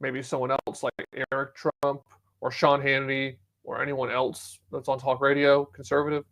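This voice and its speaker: A man's voice: mid-range voice, completely flat delivery, normal speed, gravelly, a bit bright. A man hosting a podcast alone, giving casual political commentary with sarcastic asides and reading news articles aloud. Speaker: podcast host.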